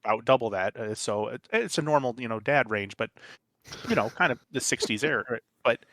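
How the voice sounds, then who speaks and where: A man in his thirties co-hosting a podcast, telling an anecdote in a lively, casual way. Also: medium pitch, fairly quick. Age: 30s. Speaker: podcast co-host.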